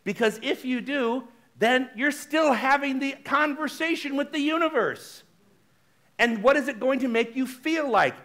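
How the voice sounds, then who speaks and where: A man giving a sermon as a minister, talking in a chatty, animated way and speaking straight to the congregation. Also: very high voice, a little slow. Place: spiritual center service.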